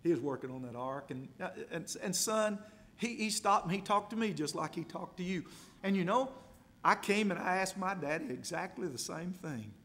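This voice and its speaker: A man voicing a father who softly reassures his young son. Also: sits high, lively intonation, moderate pace, a little hiss or hum. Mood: reassuring. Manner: soft, reassuring, chuckling.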